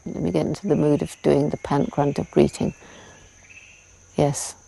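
A woman's voice: low-pitched, flat delivery, normal speed, vocal fry, dark tone, slightly rough, poor audio. A woman in her seventies, interviewed outdoors in a forest, who laughs often as she tells stories. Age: 70s. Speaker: interviewee, primatologist. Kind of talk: casual interview answers.

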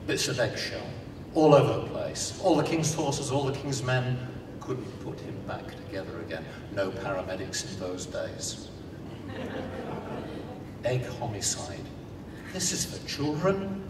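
A man reciting comic verse and nursery-rhyme parodies with dry, deadpan delivery at an unhurried pace. He is heard from afar in a long, echoing hall. A clear rumble runs underneath. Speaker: comic performer. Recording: echoey hall from a distance, rumbling noise.

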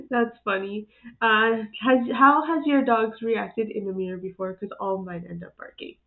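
A high-pitched woman with a gravelly, fry-edged voice gives casual reaction commentary on her channel. She talks slowly, giggling and gushing with exclamations. Her voice sounds thin and tinny, as if over a phone line. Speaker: channel host reacting to videos.

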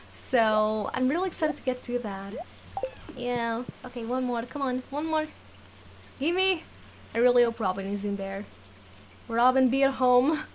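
A woman's voice: a little high, slight background noise. A young woman giving casual gameplay commentary, giggling often, playfully exasperated, and talking to the game's characters. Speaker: let's play gamer.

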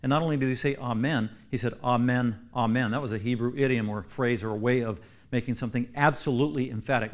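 A man's voice: medium pitch, quick pace. Emphatic pastor man teaching a class. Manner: emphatic, repeats key phrases for stress; asks the class questions.

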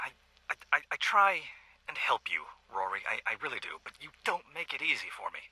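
A man's voice: medium pitch, very animated, normal speed, sharp tone, husky, no echo, exaggerated voice, rough recording. A man playing a stern, weary male schoolteacher, lecturing in a video game audio log. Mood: pleading.

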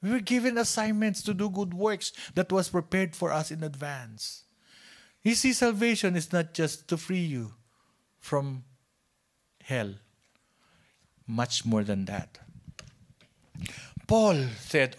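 A male pastor with a Filipino accent preaching a sermon. He swings from hushed near-whispers to loud, emphatic lines, and he often repeats and restarts phrases. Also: high-pitched, expressive, takes it slowly, pauses often.

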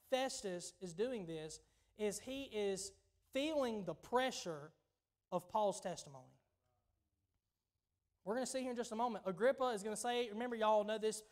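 A man with a Southern US accent delivers a sermon in a church, his voice sitting notably high for a man. He preaches in an emphatic yet conversational way, doubling back on words as he builds his point. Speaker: pastor.

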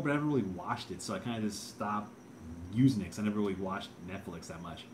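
A low-voiced man in his thirties chats casually on a livestream, answering his viewers. He rambles and trips over his words, with a faint noise underneath. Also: quick pace, a little mellow. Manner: rambling, hesitant, lots of fillers and repeats. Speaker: livestream host reading chat.

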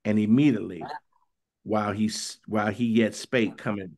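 A bishop preaching a Bible study sermon in a conversational, questioning way, often asking "right?" and reading scripture slowly. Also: male voice, fairly low pitch, steady tone, a little mellow. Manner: conversational, questioning, tag "right?" after points; reads scripture slowly and drawn out.

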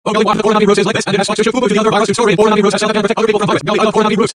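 A male channel host rambling excitably through a reading and his own commentary, exclaiming over and over, with the playback sped up. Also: sits high, racing, no room sound. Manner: excitable, keeps exclaiming "oh golly".

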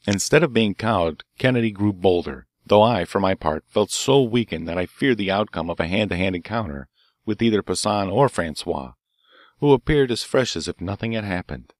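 A man reads a detective story audiobook in steady, measured scripted narration. His voice is fairly low, and the clean studio sound has no room echo.

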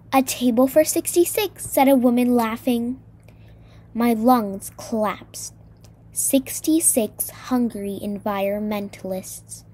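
Casting: expressive woman reader for a novel, slightly high, husky voice. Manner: expressive, voices dialogue with shifts in tone. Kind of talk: dramatic reading of a novel.

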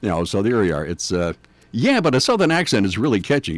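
Chatting away on his morning radio program, this older radio host from New York rambles and pokes fun at himself in his New York accent. He talks fast in a fairly low, sing-song voice, with no room sound.

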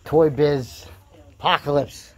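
A man's voice: fairly high pitch, fairly even intonation. Man giving blunt toy-store commentary. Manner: blunt, quick verdicts, swears casually. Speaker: toy collector vlogger. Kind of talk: casual running commentary while shopping. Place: busy toy store, indoors. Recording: crowded store noise behind.

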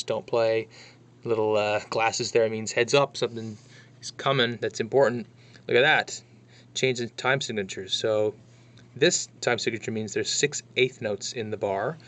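A man teaching how to read a drum chart in a casual lesson, talking through it bar by bar and counting rhythms out loud. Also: on the low side. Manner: chatty, counts rhythms aloud, thinks out loud. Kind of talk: casual music lesson walkthrough.

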